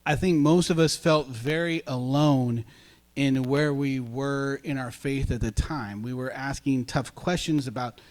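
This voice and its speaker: A man's voice: medium pitch, measured pace, darkish tone. A man preaching a casual sermon as pastor, chatty and self-deprecating, bantering with his congregation.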